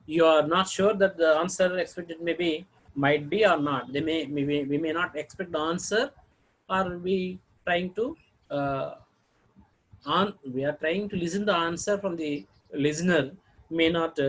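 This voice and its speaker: Man, intonation lesson, husky tone, raised pitch, repeats examples with sweeping rises and falls. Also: unhurried, fairly bright tone, rough recording. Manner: reads example sentences aloud twice with exaggerated rises and falls; hesitant, with fillers and restarts. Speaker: teacher. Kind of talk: spoken English lesson on intonation.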